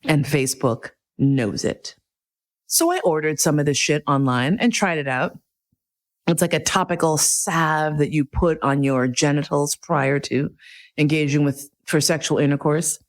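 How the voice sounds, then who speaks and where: A middle-aged woman telling a personal story in a casual, profane, comic way, jumping into loud quoted inner outbursts. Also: sits low, unhurried.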